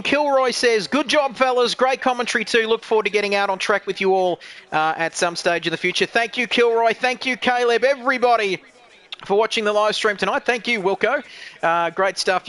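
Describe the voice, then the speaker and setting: Upbeat high-voiced male race commentator. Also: fairly bright tone. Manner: upbeat, chatty sign-offs. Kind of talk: live stream sim racing commentary.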